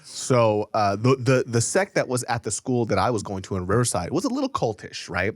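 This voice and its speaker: A man's voice: mid-range voice, brisk, no room sound, studio quality. A man hosting a podcast, telling stories in casual, profane chat. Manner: profane, animated storytelling. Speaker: podcast host.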